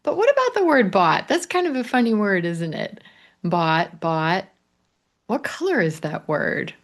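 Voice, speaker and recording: A man with a Missouri accent teaching English pronunciation in a live online class, modeling phrases slowly for learners to repeat. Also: sits high, sing-song, fairly bright tone. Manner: slow, drawn-out model phrases. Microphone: video call.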